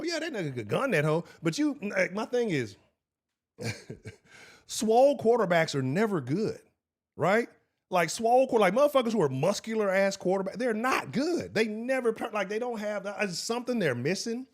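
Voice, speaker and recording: Animated, profane man hosting a sports stream. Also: high voice, normal speed. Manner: profane, heated and animated, talks to chat directly. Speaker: sports show host. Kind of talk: live-stream sports talk.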